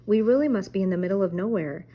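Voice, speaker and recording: A woman's voice: mid-range voice, fast talker, dark tone, close to an everyday voice. An older woman voicing a lanky, jittery young man from a cartoon who peppers his talk with "like". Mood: nervous. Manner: drawling with "like" fillers.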